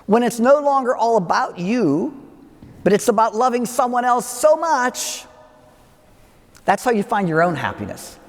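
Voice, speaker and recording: An older priest gives a wedding homily, his voice fairly high and rising and falling with lively expression. He tells a story full of asides and gentle humor, and his words ring on in a long church reverb.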